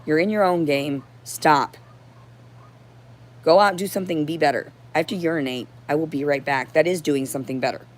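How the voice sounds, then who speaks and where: A woman talks in a rambling, agitated confessional monologue. Her voice sits a little low, and she swears freely. At its peaks her delivery climbs toward shouting. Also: a little fast. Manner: rambling and profane, rising to near-shouting.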